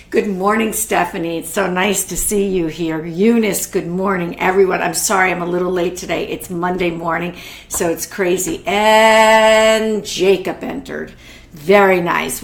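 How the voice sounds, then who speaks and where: A middle-aged woman hosting a live online art class, chatty and warm with viewers, greeting them by name and often restarting her sentences. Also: fairly low pitch. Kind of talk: live-streamed casual art talk.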